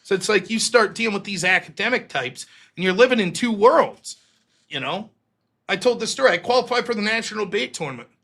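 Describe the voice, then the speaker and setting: A man's voice: high voice, fairly quick, husky. A man in his thirties hosting a live stream, telling a long personal story with lots of swearing and acted-out quotes. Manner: profane, animated storyteller acting out quoted voices. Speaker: host.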